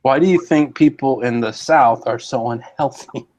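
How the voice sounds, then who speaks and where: A man's voice: mid-range voice, normal speed, darkish tone, poor audio. A man chatting casually, joking around and restarting his sentences as he rambles. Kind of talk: casual podcast chat.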